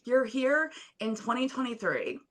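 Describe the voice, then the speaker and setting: A woman's voice: on the high side, big pitch swings, measured pace. A young woman on a phone video call, speaking as a podcast guest in an earnest, emphatic, preacher-like way. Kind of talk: motivational interview talk.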